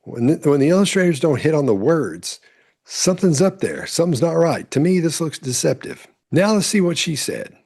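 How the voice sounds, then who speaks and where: A man explains behavior cues in a calm, teaching tone. His voice is gravelly with a husky edge. He speaks like a commentator walking viewers through footage. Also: a little high, moderate pace. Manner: explanatory, instructive. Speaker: body language analyst. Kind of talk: commentary over courtroom clips.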